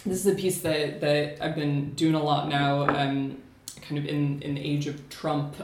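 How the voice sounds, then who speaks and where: A woman from the United States with an American accent softened by years in Scotland, chatting on a podcast and then performing a spoken word poem in a measured, rhythmic delivery. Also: sits low, little pitch movement, reverberant, background noise. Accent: American, slightly shifted by living in Scotland. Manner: measured, rhythmic poetic delivery with deliberate slowing.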